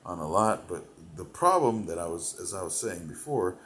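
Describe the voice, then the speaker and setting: A man delivering a rambling, profane comedic monologue, meandering between thoughts, laughing to himself, and swinging between loud bursts and mumbled asides. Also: sits low, sing-song, normal speed, reverberant, a little hiss or hum, poor audio. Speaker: comedic performer.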